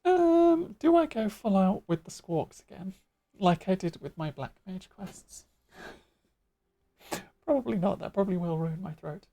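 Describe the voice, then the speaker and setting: A woman's voice: on the low side, animated, normal speed, gravelly, pauses often, dark tone. A woman game streamer chatting casually and making chatty, self-mocking asides while she plays. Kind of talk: casual live-stream chat.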